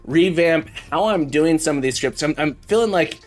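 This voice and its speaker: A cheerful man hosts a live coding stream, his voice pitched a little high for a man. He jokes easily and greets each viewer by name. Quiet music plays underneath him. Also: normal speed. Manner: upbeat and jokey, greeting chatters by name. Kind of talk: casual live-stream chat while programming. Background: faint background music.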